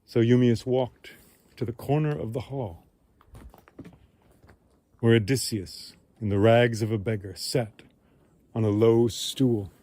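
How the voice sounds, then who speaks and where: A man's voice: lowish voice, mellow. A man telling an ancient myth outdoors, with dramatic shifts in pace and volume. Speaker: storyteller. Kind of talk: oral storytelling of myth. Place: outdoors among ruins.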